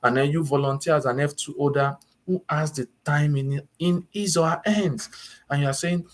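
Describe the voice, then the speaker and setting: A man giving casual advice in a relaxed talk, often repeating and rephrasing himself and acting out small everyday exchanges. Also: a little high, moderate pace. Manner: conversational, repeats and rephrases, acts out little dialogues. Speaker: advice vlogger on student visas.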